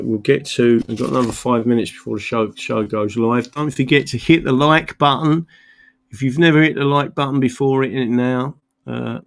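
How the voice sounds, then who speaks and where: Tired, gravelly-voiced man streaming live. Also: mid-range voice. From England. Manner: reads out viewer names, rambling with many fillers. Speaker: livestream host. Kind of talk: casual livestream chat. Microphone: computer mic, camera off.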